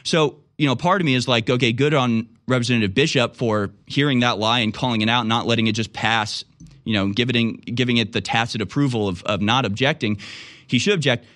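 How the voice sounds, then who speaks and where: A man's voice: mid-range voice, a little fast, a bit bright. A man hosting a political talk show, delivering indignant, sarcastic commentary.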